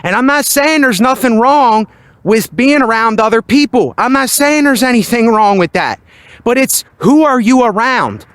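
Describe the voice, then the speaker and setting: A man vlogging outdoors at night into a handheld microphone, talking loudly and emphatically in a motivational monologue. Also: very high voice, lively intonation, moderate pace, smooth, no room sound. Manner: loud and emphatic. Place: outdoors at night near his building.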